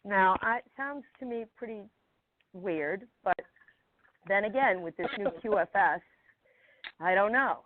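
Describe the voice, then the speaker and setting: Woman, phone caller, emotional, halting, tinny phone sound. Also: medium pitch, animated. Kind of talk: call-in phone chat. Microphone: telephone.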